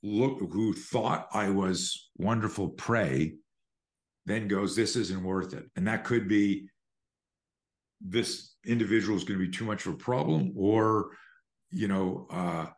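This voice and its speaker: A middle-aged man with a lowish voice, talking as a podcast guest over a remote call. He explains self-defense ideas in a lively, profane way. He jumps into acted-out scenes as he goes. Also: slow. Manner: animated and profane, acts out scenarios. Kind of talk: conversational podcast interview.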